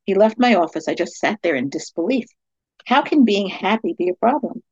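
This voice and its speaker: A woman's voice: medium pitch, expressive, fairly quick, darkish tone, husky, no room sound, muffled recording. A middle-aged woman hosting a devotional podcast, telling a personal story and offering faith encouragement. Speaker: podcast host. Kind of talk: devotional monologue.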